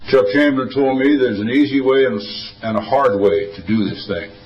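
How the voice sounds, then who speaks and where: A man's voice: lowish voice, roomy sound, far from the mic, dull audio. An older man speaking at a recovery meeting, telling stories in a folksy, wisecracking way. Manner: folksy, wisecracking, drawling storyteller. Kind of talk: storytelling talk at a recovery meeting.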